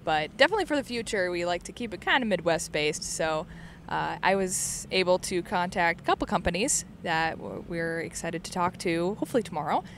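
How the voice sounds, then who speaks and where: A woman's voice: fairly low pitch, lively intonation, a little fast, fairly bright tone, a little hiss or hum. A young woman co-hosting a podcast, chatting in a friendly, playful, self-deprecating way. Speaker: podcast co-host. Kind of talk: casual podcast chat.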